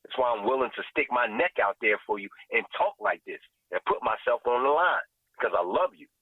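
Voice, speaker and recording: A man's voice: mid-range voice, expressive, a little fast, no echo. A man delivers emphatic, preachy commentary as a podcast guest, pressing his points through repetition. His voice comes through a thin, phone-like line with a dry, close sound. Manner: preachy, emphatic, repeats "you know what I'm saying". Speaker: guest, vegan restaurant owner.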